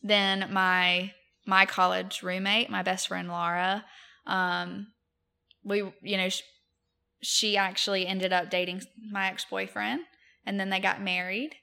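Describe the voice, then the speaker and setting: A woman's voice: medium pitch, level tone, a little slow, vocal fry, bright, forceful tone, clear, resonant tone. A woman, telling stories as a podcast guest, chatty with many fillers and frequent laughs. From Mobile, Alabama, US. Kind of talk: casual chat.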